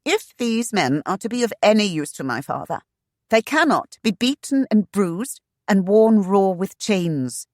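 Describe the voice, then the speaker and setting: A woman voicing a haughty, sharp-tongued young heiress who gives orders without pause. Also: medium pitch, sing-song, no echo, studio quality, voice pushed up. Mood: indignant. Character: haughty young lady estate heiress, fiery.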